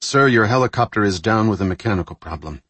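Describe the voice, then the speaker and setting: A man's voice: on the low side, lively intonation, quick pace, fairly bright tone, slightly rough, no echo. A man voicing a male Navy officer giving a formal briefing in an audiobook reading.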